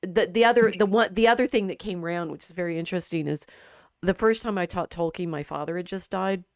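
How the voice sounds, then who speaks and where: A middle-aged woman co-hosting a casual livestream chat, talking in halting, restarting phrases while grieving and near tears. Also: lowish voice, no echo, studio quality. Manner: halting, many restarts, tearful. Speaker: co-host.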